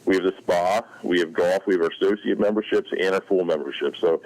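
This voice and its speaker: A man's voice: sits low, fast, a little mellow, rough recording. A man as a guest on a radio talk show, eagerly listing the gifts and events his resort offers.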